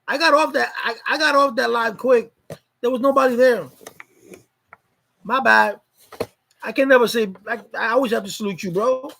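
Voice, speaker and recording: A man's voice: extremely high pitch, moderate pace, gravelly, pauses often, pushed and bright, a little hiss or hum, low-quality recording. A man hosting a casual live stream chat, greeting viewers by name in a loose, repetitive way.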